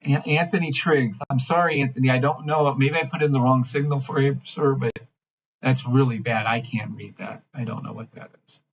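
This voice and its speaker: A man hosting a trading livestream, ranting in a brash, mocking, profane way and swinging between loud outbursts and low mumbling. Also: steady tone, moderate pace, highs cut off, a little hiss or hum. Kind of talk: live-stream rant and chart reading.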